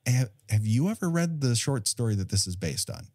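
A man's voice: medium pitch, sing-song, fairly quick, a little mellow, no room sound. A man co-hosting a podcast in casual film chat, joking and laughing often. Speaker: podcast co-host.

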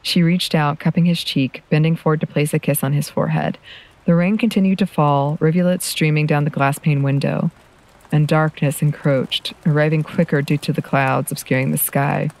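A woman narrating a piece of fiction in a steady, measured storytelling voice. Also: sits low, rough recording. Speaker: podcast host reading fiction. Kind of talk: audiobook narration.

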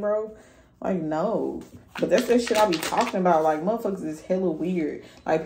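A woman's voice: lowish voice, a little mellow, reverberant. A woman giving a casual tarot reading, blunt and profane, talking straight to her viewers. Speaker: tarot reader.

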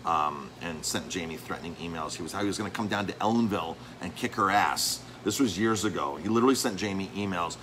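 A man, a restaurant owner and chef, talking casually and telling animated stories about difficult customers, often repeating words and acting out the arguments. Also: low-pitched, fast talker, hardly any pauses, background noise. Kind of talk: casual vlog monologue. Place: his restaurant.

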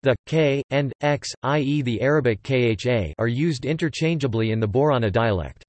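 A computer-generated man's voice reading an encyclopedia article, flat and even in delivery. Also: medium pitch, moderate pace, no room sound. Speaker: text-to-speech reader. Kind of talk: synthetic encyclopedia narration. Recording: dry, close synthetic audio.

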